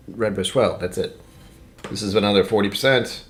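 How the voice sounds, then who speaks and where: A man's voice: low-pitched, fairly even intonation, quick pace. A man hosting a casual whiskey-tasting live stream, rambling and joking as he reads chat aloud.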